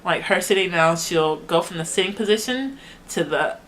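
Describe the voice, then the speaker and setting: A woman's voice: fairly low pitch, lively intonation, normal speed, fairly bright tone, a little hiss or hum, rough recording. A young woman talking casually to camera as a mother giving a baby update, rambling with lots of "like" and frequent laughs. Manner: chatty, rambling, heavy use of "like", laughs often.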